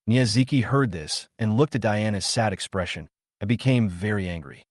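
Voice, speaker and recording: Low-voiced male story narrator. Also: moderate pace, no room sound, clean studio sound. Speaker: recap narrator.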